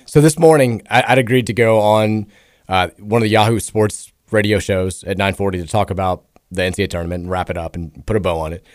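Hoarse raspy guy hosting sports radio, voice keeps cracking, rambly and self-mocking, dry studio sound. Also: fairly low pitch, quick pace, dry recording. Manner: rambling, self-deprecating, animated storytelling. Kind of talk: casual sports radio chat. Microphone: studio mic.

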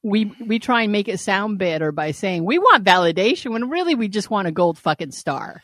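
A woman co-hosting a podcast in casual chat, teasing her partner with quick reactions. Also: medium pitch, sing-song, a bit bright, no room sound, studio quality. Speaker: podcast co-host.

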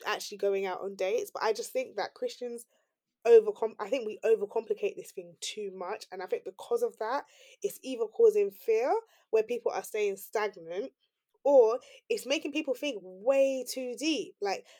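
A woman's voice: fairly high pitch, moderate pace, mellow, no echo, studio quality. A woman co-hosting a casual discussion, giving her opinions with lots of "like" and "you know".

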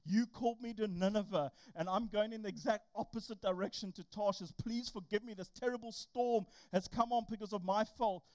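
A preacher voicing a repentant prophet praying earnestly, a little louder than his usual talk. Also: mid-range voice, brisk, few pauses, no echo, lightly acted. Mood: pleading.

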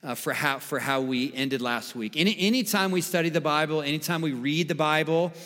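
A male pastor preaching with an emphatic delivery, slightly higher-pitched than most men. He hammers on repeated phrases and moves between quiet and loud. His voice rings with the long reverb of a large church hall. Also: brisk. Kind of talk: sermon.

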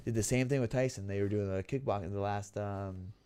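Young guy, rapid casual storyteller, lots of fillers, slightly low pitch. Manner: animated storytelling full of "like" and "you know". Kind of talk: casual chat.

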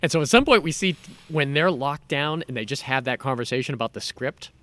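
A man's voice: medium pitch, brisk. A man chatting casually as a podcast co-host, retelling a film scene by scene with laughter and the odd curse. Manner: animated retelling with frequent laughter and swearing. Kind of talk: casual chat.

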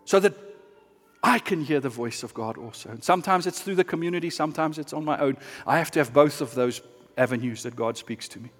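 A man with a high voice preaches a sermon, earnest and impassioned at times, hushed at others. His words ring out with a long hall reverb. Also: fairly quick, faint music behind. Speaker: pastor.

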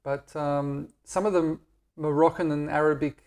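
A middle-aged man with an Australian accent answers interview questions in a relaxed, candid way. He jokes easily and pokes fun at himself. His voice sits a little higher than most men's. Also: normal speed. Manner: candid, joking, self-deprecating. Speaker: guest. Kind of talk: casual interview chat.

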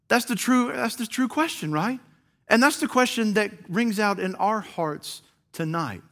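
High bright-voiced man preaching a sermon. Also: animated, measured pace. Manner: swings between loud cries and hushed, quiet questions.

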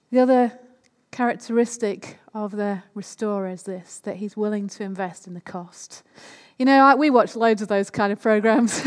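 Woman preaching in a reverberant hall. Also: fairly high pitch. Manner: conversational, asks the listeners questions. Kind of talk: sermon.

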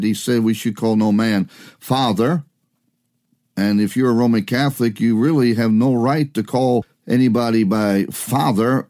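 A man preaching a radio sermon in a conversational way, posing rhetorical questions, often pausing on "uh", and alternating quick bursts with slow, stressed words. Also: mid-range voice, a little mellow. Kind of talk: broadcast sermon.

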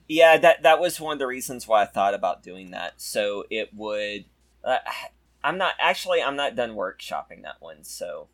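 A man's voice: on the low side, big pitch swings, moderate pace, fairly bright tone. A man acting as game master in a tabletop game chat, talking hesitantly with many fillers.

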